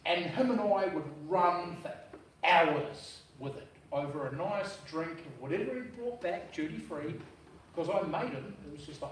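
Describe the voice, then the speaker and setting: A man's voice: a little high, lively intonation, unhurried, a little hiss or hum. A man giving an informal eulogy for his brother-in-law at a memorial service, telling stories in a blunt, casual way with slang and swearing. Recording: echoey room, heard from a distance.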